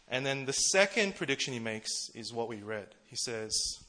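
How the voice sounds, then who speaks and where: A male preacher who is also church treasurer delivers a casual, chatty sermon in a bright, forward voice at mid male pitch. He talks like he's among friends, laughing at himself, expressive and at a moderate pace with hardly any pauses.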